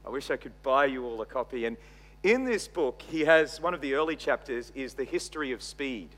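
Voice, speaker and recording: A middle-aged Australian man preaching a sermon, swinging between loud emphasis and quiet asides. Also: mid-range voice, lively intonation, a little fast. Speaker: pastor. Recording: long reverb from a large hall.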